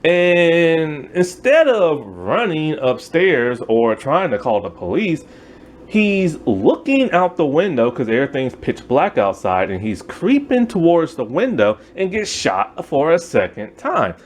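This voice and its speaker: A man's voice: on the high side, sing-song, unhurried, slight background noise. A man giving a casual, rambling movie review rant, loose and exasperated, with lots of filler words.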